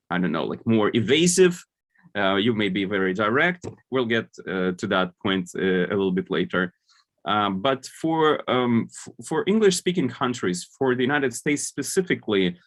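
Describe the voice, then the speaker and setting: A man giving an online conference talk, explaining points with many fillers and restarts. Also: mid-range voice. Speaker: conference speaker.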